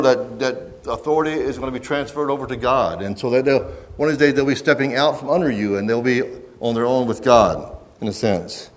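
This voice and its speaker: A middle-aged man preaching a sermon in an earnest manner, often restarting his sentences and reading passages aloud from a book. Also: mid-range voice. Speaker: pastor.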